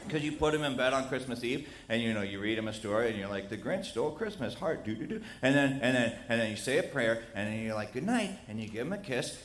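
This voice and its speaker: A middle-aged man with a West Virginian accent telling a comic tall tale on stage in a folksy, animated way. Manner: animated, folksy, with big jumps in pitch and loudness. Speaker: storyteller. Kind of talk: comedic storytelling on stage. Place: stage in a small lounge. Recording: echoey live room with faint noise.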